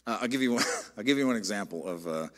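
A middle-aged man, a pastor, preaching a sermon in a conversational, animated storytelling way. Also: fairly low pitch, quick pace. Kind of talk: sermon with personal stories.

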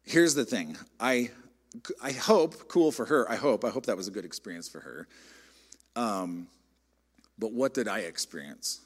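A middle-aged man, a pastor, preaching a sermon in a conversational, animated storytelling way. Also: lowish voice, a little slow, long pauses, husky. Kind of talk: sermon with personal stories.

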